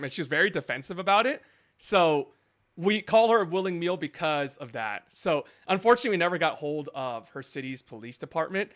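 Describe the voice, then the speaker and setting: Scambaiting streamer, man, rambling live commentary, raised pitch, bright tone. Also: expressive, a little fast. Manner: rambling, thinking aloud.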